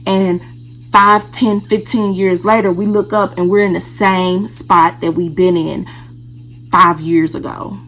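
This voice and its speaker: A woman's voice: lowish voice, steady tone, a little slow, fairly bright tone, slight background noise, rough recording. Candid woman vlogger talking to camera. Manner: candid, talks straight to viewers. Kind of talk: casual storytelling to camera.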